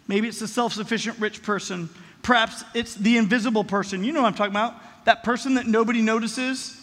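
A man preaching a sermon as pastor, animated, acting out the voices of the people in the story. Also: sits high, fairly quick, big-room sound. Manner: animated, acts out voices of characters.

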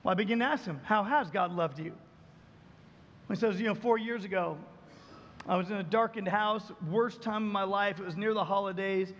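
A man, a pastor, preaching a sermon and telling a story, acting out the dialogue and dropping his voice low and soft for emphasis. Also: fairly even intonation, a little fast, in a large hall, muffled recording.

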